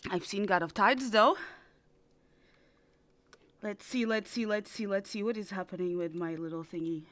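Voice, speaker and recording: A woman from Australia chats live with her stream audience in a bright, fairly high voice. She talks slowly and gets excited easily, repeating herself and laughing. The sound is dry and close. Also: clean tone, no echo. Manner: chatty, excitable, repeats words, laughs often. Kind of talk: casual live-stream chat.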